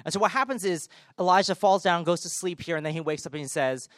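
A man's voice: a little high, fast, a bit bright, no room sound, clean studio sound. A man giving a conversational sermon as a pastor, informal with self-deprecating humor.

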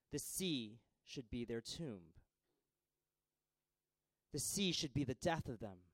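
A man preaching a sermon dramatically, with a repetitive cadence that swings between raised pleas and hushed lines. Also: medium pitch, dry recording, rough recording.

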